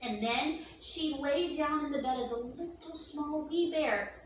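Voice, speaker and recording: A woman telling a children's story to young listeners in an expressive, slow storytelling manner, recorded in an echoey room from a distance. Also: a little hiss or hum. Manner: expressive, slow, with gasps and sweeping pitch. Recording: echoey room, distant mic, faint ambience.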